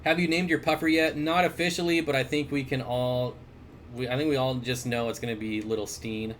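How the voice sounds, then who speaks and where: A man hosting a casual livestream, reading viewer comments aloud and answering aquarium questions in a relaxed, chuckling way with lots of fillers. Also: mid-range voice, a little fast, a little hiss or hum. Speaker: aquarium store owner and livestream host. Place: indoors, at his fish room or store. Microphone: desk mic.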